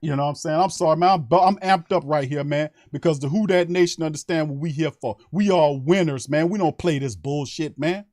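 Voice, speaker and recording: A man rants into a close mic on a sports live stream. His voice sits fairly high and sounds dry, with no room echo. He talks in a heated, emphatic, profane way and keeps repeating his points. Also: fairly quick, few pauses, darkish tone. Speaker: sports podcast host. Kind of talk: fired-up fan rant on a live stream.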